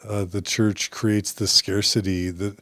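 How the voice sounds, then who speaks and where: A man's voice: fairly low pitch, level tone, a little slow, fairly bright tone, no echo. A man hosting a podcast interview who speaks earnestly and sympathetically while reflecting on the topic. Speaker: podcast host.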